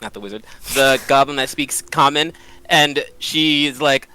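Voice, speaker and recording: A man's voice: mid-range voice, unhurried, sharp tone, slight background noise, low-quality recording. A man playing a tabletop role-playing game, chatty and a bit hesitant. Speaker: player.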